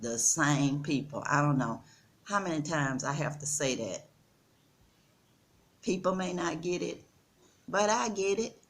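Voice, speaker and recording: A woman's voice: sits low, expressive. A woman in her sixties with a Texan accent, chatting earnestly to her viewers in a casual vlog. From Texas. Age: 60s. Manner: slow, earnest, addresses viewers as y'all. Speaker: vlogger. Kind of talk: casual chat. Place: outdoors in the Gambia.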